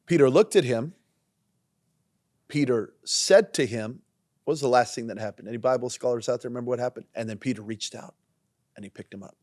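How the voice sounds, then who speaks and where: A man, a pastor hosting a leadership podcast, teaching in a sermon style, driving points home with repetition and dropping into quieter asides. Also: medium pitch, fairly quick, long pauses. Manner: emphatic and repetitive, swinging between punchy lines and quiet asides.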